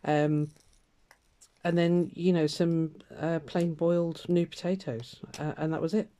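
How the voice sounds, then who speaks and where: An older woman rambles through a casual catch-up as she stitches, her voice mellow and soft-edged. She drifts between topics with plenty of fillers and light laughter. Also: low voice, steady tone, a little slow. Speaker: craft vlogger. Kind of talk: casual chat while stitching.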